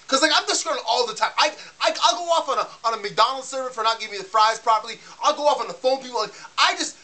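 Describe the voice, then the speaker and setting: Fired-up ranting guy, bright fast voice. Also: very high voice. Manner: fired-up, heated, restarts and stammers when worked up. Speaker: vlogger ranting to camera. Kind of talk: casual rant.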